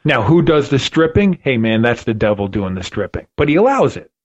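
Male podcast host, earnest and preacherly, middle pitch, muffled lo-fi recording. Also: very animated, fairly quick. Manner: earnest, preacherly emphasis with repetitions. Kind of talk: faith podcast conversation.

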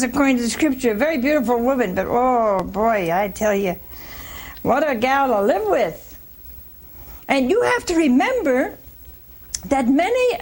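A woman preacher giving a folksy, animated sermon, throwing rhetorical questions at her listeners. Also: high-pitched.

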